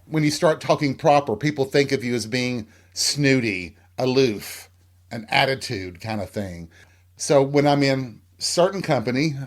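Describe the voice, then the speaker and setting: A man from Tennessee hosting a candid solo podcast, frank and self-deprecating, with a rambling delivery. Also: mid-range voice. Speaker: podcast host.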